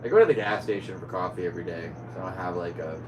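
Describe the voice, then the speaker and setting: A young man talks his way through a casual solo podcast, drifting from one thought to the next. His voice sits on the low side. A faint hum runs quietly behind him. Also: racing. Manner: rambling, scatterbrained. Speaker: podcast host.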